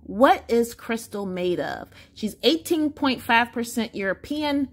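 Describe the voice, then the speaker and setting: A woman's voice: on the high side, lively intonation, measured pace. Chatty woman reading results aloud. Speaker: vlogger. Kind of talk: casual chat to camera.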